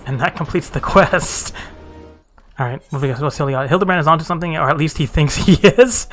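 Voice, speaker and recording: A man's voice: fairly high pitch, a little fast, a bit bright, soft background music. A man giving casual gameplay commentary with sarcastic, joking asides. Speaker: let's play host.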